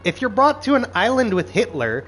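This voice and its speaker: Animated, exasperated man ranting casually. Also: sits high, fairly quick, a little hiss or hum, rough recording. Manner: animated, profane, exasperated rants with quoted asides. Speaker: show reviewer. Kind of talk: casual recap commentary.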